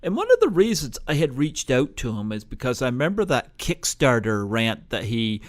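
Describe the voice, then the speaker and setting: A man's voice: medium pitch, wildly swooping pitch, normal speed, no room sound. A man hosting an interview show who talks casually and hesitantly, with frequent "uh"s and restarts. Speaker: podcast host.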